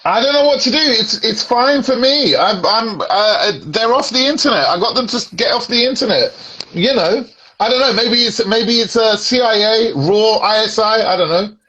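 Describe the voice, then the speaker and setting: A man's voice: high voice, animated, normal speed, bright, forceful tone. A man joining a casual livestream chat over a video call as the guest, playful and laid-back, trading jokey banter.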